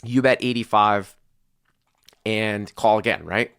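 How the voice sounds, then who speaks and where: A man's voice: fairly low pitch, fairly even intonation, slow, fairly bright tone, clear, resonant tone, no echo. A male podcast host talking through a poker hand, methodically restating each bet and action. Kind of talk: casual poker discussion.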